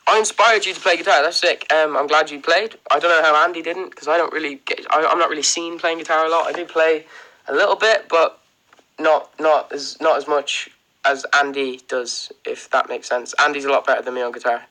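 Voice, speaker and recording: Bright-voiced Irish lad chatting to viewers. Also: male voice, a little high, fairly even intonation, a little fast, poor audio. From Ireland. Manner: chatty, rambling, frequent "um" and "like", laughs often. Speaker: livestream host. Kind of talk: casual livestream Q&A, reading out viewer comments.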